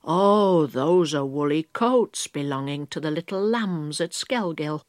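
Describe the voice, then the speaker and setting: A woman voicing a small, polite, busy female hedgehog washerwoman in a storybook reading, with bright eager chatter. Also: low-pitched, expressive, measured pace, dry recording, studio quality. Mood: chatty, busy. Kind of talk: storybook read-aloud.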